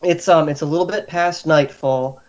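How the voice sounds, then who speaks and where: A man's voice: fairly high pitch, fairly even intonation, moderate pace. A man running a tabletop game as game master, narrating in an easygoing way with many fillers.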